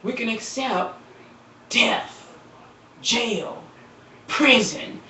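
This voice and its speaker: A woman delivering an impassioned, preaching-style appeal on a live stream, repeating phrases and quoting scripture, swelling into shouts and dropping soft, recorded on a phone. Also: fairly high pitch, drawn-out words. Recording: roomy, distant, dull phone recording.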